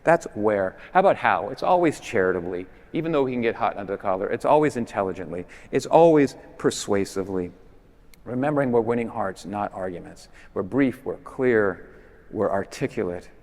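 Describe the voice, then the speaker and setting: A man giving a persuasive conference talk with emphatic stresses that drop to quiet endings. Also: animated, brisk. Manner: emphatic, with swings between loud stresses and low, quiet endings. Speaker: conference speaker. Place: large basilica. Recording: long reverb in a big church.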